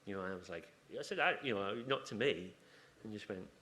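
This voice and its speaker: A man's voice: lowish voice, expressive, fast talker, bright, forceful tone. A man giving an informal conference talk, chatty and rambling, breaking off into asides and restarting his sentences. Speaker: conference speaker. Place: conference room.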